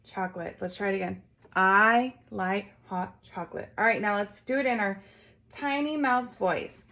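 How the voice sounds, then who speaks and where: A woman's voice: medium pitch, moderate pace, sharp tone. A young woman teaching a lesson to young children, patiently sounding out letters and asking simple questions. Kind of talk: early-grade lesson video.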